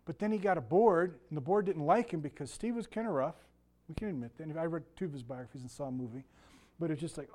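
A man's voice: a little high, a little mellow. An older man giving an informal sermon as a pastor, rambling and digressive with frequent restarts and asides.

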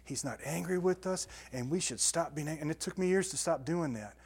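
Male pastor, slightly high voice, chatty sermon style that builds to emphatic readings. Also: brisk, creaky, a little mellow, slightly rough. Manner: conversational, repeats words and restarts, builds to emphatic scripture reading.

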